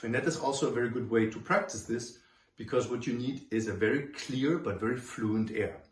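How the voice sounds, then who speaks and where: Male trumpet professor, mid-pitched, scats rhythms mid-lesson; roomy echo. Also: fairly quick, slight background noise. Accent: German. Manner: sings rhythms in syllables while explaining. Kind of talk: demonstrating instruction to students. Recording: roomy echoey room.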